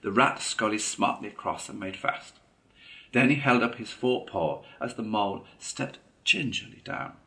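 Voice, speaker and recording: A man reading a classic children's story aloud in a measured, expressive way. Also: lowish voice, creaky. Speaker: narrator.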